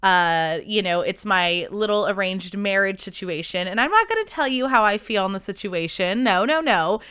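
A woman's voice: medium pitch, expressive, moderate pace, a bit bright, clear, resonant tone. A young woman hosting a solo podcast, chatting casually and animatedly, with frequent laughter. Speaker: podcast host.

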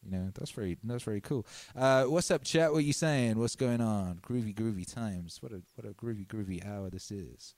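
A man's voice: fairly low pitch, normal speed, hardly any pauses, darkish tone, dry recording. A man hosting a livestream, chatting casually in a laid-back, slangy, rambling way. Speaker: livestream host.

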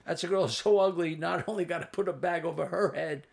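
A comedian in his sixties, a guest in a relaxed interview, tells long rambling anecdotes, doubling back, restarting and adding asides. His gravelly voice sits slightly raised in pitch and moves fairly quickly.

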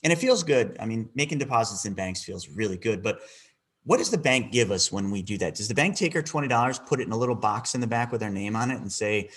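A husky-voiced man speaks as a financial advisor in an interview. He tells his story with lively energy, acting out the quoted dialogue. His voice has a rough, breathy edge at an ordinary pitch. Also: fairly quick. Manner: animated, acts out quoted dialogue.

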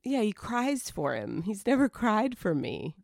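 A woman's voice: medium pitch, very animated, unhurried, vocal fry, dry recording, clean studio sound. A woman co-hosting a podcast, speaking candidly and emotionally in casual conversation, pushing back at times. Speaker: podcast co-host.

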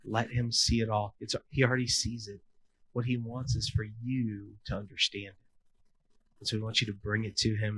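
A man in his thirties preaches in a relaxed, conversational way. He slips into playful asides. His voice sits at an ordinary middle pitch. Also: poor audio. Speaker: pastor. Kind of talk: sermon.

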